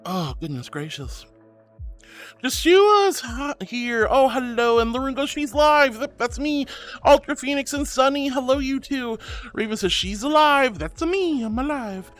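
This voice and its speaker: A man's voice: extremely high pitch, expressive, measured pace, fairly bright tone, soft background music. A man streaming live as a VTuber, reading out viewer messages and thanking them in a gushing, giggly way.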